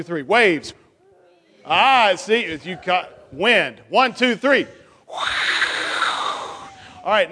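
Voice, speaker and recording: High-voiced man leading children. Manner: animated, coaxing, playful with children. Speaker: children's sermon leader. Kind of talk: children's sermon. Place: church sanctuary. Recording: long church reverb.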